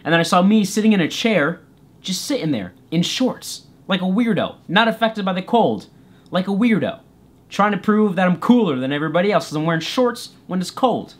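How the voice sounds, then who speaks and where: A man's voice: sits high, lively intonation, fairly quick. Goofy young man telling a story. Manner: goofy, self-deprecating, jumps into voices. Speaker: YouTuber storyteller. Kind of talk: comedic story time vlog.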